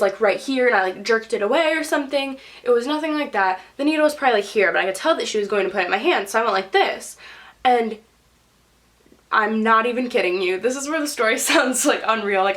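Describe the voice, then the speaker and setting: A young woman telling a story in a casual vlog, chatty and full of "like", acting out quotes in a higher voice. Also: fairly bright tone. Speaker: YouTube storyteller.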